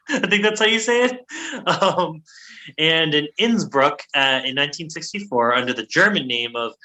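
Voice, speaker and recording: A man's voice: a little high, animated, a little slow, pushed and bright, low-quality recording. A man co-hosting a casual sports history podcast, full of fillers and laughing at his own pronunciation. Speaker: podcast co-host.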